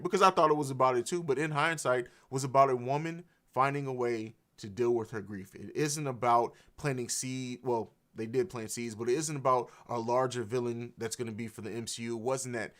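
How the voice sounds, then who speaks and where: A man's voice: mid-range voice, moderate pace, a bit bright. Impassioned man reacting on a livestream. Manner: impassioned, swears freely, many restarts. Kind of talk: emotional unscripted reaction livestream. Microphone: streaming mic.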